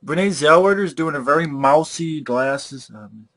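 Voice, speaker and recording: A man giving a ranting movie review, swearing freely and sounding exasperated and animated. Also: a little high, measured pace, hardly any pauses. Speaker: film reviewer.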